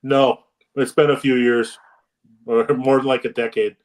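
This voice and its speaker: A man's voice: medium pitch, little pitch movement, a little slow. Rambling man, far from the mic. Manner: rambling, many restarts and fillers. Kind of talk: casual storytelling chat.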